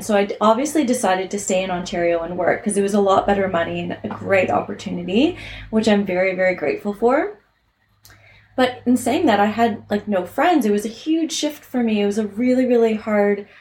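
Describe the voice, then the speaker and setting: A woman's voice: mid-range voice, a little mellow, a little hiss or hum. A young woman from Canada talks through her own stories as a podcast host. She is earnest and chatty, filling her sentences with "like" and "um". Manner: earnest, chatty, lots of fillers like "like" and "um". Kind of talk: personal storytelling chat.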